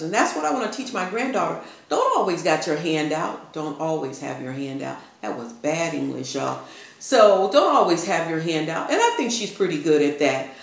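An older woman talks straight to her viewers, mixing everyday stories with talk of faith. She speaks in a lively, preachy way and calls her audience "y'all." Her voice rings in a very echoey room. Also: mid-range voice. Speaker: vlogger. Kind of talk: casual storytelling and faith talk.

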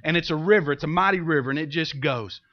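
A man preaching a sermon as pastor, in a lively, conversational way with humor and acted-out asides, recorded in a church. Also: on the high side, quick pace, dull audio.

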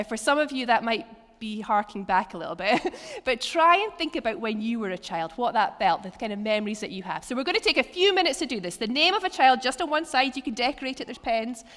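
A woman preacher leading an interactive church teaching session, telling Bible stories with animated asides and acted-out lines. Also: a little high. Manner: lively, animated storytelling with acted quotes and laughs. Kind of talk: interactive sermon with table activities. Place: church hall. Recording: long church hall reverb.

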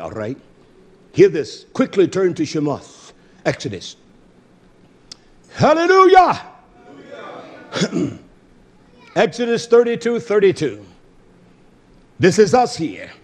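A middle-aged man preaching a sermon, impassioned, swinging from low murmurs to shouts. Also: big pitch swings, measured pace, long pauses, breathy edge.

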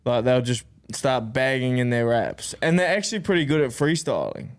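A man's voice: medium pitch, big pitch swings, normal speed. Chatty young man. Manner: rambling storyteller, laughs often. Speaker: podcast co-host. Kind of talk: casual chat.

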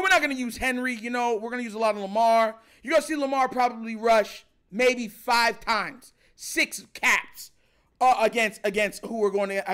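A young man with a strikingly high-pitched voice hosts a sports reaction rant. He sounds exasperated and emphatic, repeating his points for effect. His delivery is animated commentary.

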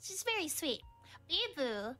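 Giggly high-voiced young woman streamer. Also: sing-song, a little slow, bright, forceful tone, faint music behind. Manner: giggly, rambling, teasing. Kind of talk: casual stream chat.

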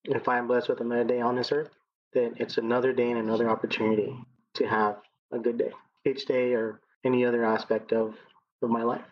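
A man in his thirties from Texas, a guest in an interview, speaking in a measured, reflective way with frequent ums. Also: mid-range voice, flat delivery, lo-fi sound, a little hiss or hum. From Texas, United States. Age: 30s. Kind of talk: conversational interview.

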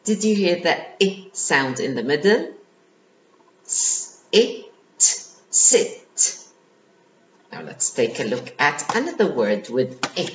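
A woman's voice: sits low, big pitch swings, normal speed, hardly any pauses, slight background noise. A woman teacher giving a phonics lesson to young children, sounding out letters and words one by one. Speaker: kindergarten teacher.

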